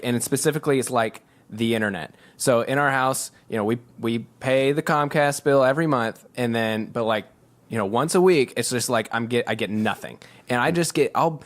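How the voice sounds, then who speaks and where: A man co-hosts a casual talk show. His voice sits at an ordinary middle pitch. He talks in a loose, rambling way, pokes fun at himself and trails off in hesitation. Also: normal speed. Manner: self-deprecating, rambling, hesitant. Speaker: podcast co-host. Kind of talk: casual conversation.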